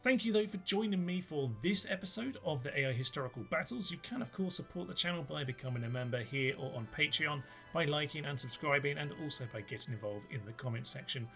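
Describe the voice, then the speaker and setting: A young man talks through a strategy game on a close mic, chatty and wry, as if thinking aloud. His voice is bright and forward. Faint game music runs underneath. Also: on the high side, animated, quick pace, few pauses. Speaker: YouTube host. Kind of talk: gameplay commentary.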